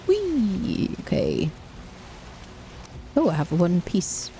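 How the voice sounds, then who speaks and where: This gaming streamer's voice sits on the low side and is mellow, swinging widely in pitch at a moderate pace. She gives chatty, playful let's-play commentary and hums small tunes during play, over slight background noise.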